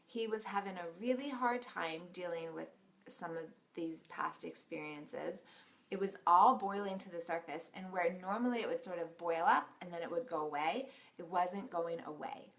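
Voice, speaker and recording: Brief: chatty woman vlogger, gravelly fry in her voice, casual storytelling. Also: on the low side, normal speed. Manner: giggly, chatty, with frequent laughs.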